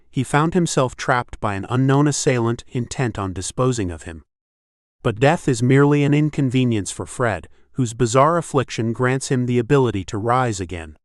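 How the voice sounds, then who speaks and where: A man reading an audiobook in scripted narration, steady and measured. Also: medium pitch, dry recording, studio quality.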